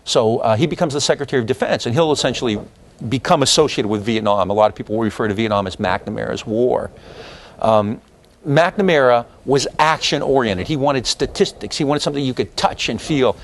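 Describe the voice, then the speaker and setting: A man's voice: medium pitch, fairly quick. A man lecturing a history class in a loose, digressive way, full of fillers and asides.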